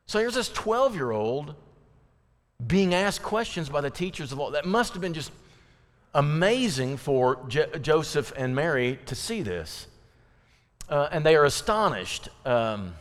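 A man's voice: medium pitch, very animated, a little slow. A man leading a Bible study in a casual, conversational way, often putting questions to the group and restarting his sentences. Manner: conversational, asks the audience questions, many fillers and restarts. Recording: long hall reverb.

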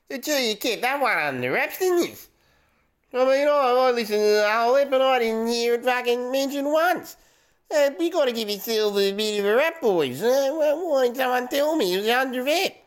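A woman's voice: a little high, animated, moderate pace, lightly acted. A woman voicing a rowdy, boozy Australian country bloke who swears and laughs as he leaves a voicemail. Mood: rowdy teasing. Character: rowdy middle-aged male country bloke. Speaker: voicemail caller.

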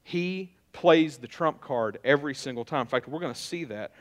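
A man's voice: on the high side, animated, normal speed. A middle-aged male pastor giving a conversational sermon, often repeating and restarting his phrases.

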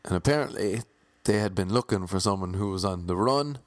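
Low-voiced man telling a story. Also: fairly quick, no room sound. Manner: lively, acts out the voices in his story; swears casually, self-mocking. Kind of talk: casual anecdote, comic storytelling.

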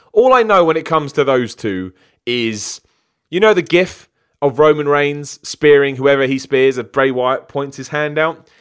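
A man's voice: medium pitch, a bit bright. A man, a wrestler, reading out viewer questions and answering them in a rambling, self-deprecating way, often stumbling over names. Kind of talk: casual Q&A chat, reading messages aloud.

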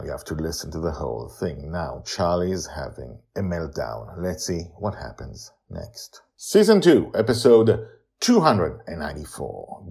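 Man, podcast host, storyteller, deep voice, expressive intonation. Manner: animated and expressive. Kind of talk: scripted storytelling narration.

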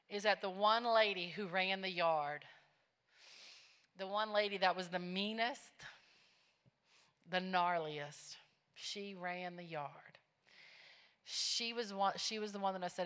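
A woman preacher giving a testimony sermon, telling her story plainly and rising into loud, fervent preaching. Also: medium pitch, measured pace, clear, resonant tone, big-room sound. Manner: storytelling, drops to a hush, then builds to loud preaching.

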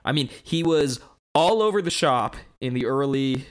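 A man's voice: mid-range voice, lively intonation, normal speed, lightly acted. A young man performing a fiery skeptic lecturing a bishop in a dramatic monologue, with impassioned, rhetorical delivery. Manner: impassioned, rhetorical, escalating rants.

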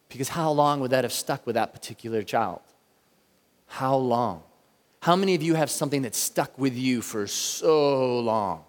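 A man in his thirties preaching a sermon in a church, talking in a conversational way and slowing down to stress key words. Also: mid-range voice. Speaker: pastor. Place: church sanctuary. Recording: reverberant church hall.

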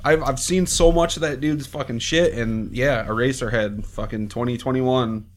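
A man with a mid-pitched voice chats casually and enthusiastically, swearing freely. He chimes in with quick agreement and tells stories about films he has watched. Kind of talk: casual chat.

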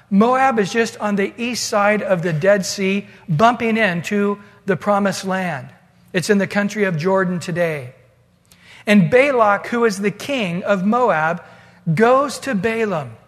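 A man's voice: high-pitched, fairly bright tone. A man preaching a sermon, retelling a story casually and acting out the dialogue, with long hall reverb.

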